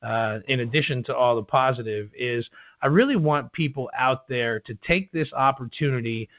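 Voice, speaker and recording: A man from Pennsylvania, an attorney, talking as a guest in a measured, friendly way. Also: mid-range voice, dull audio. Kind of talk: casual interview.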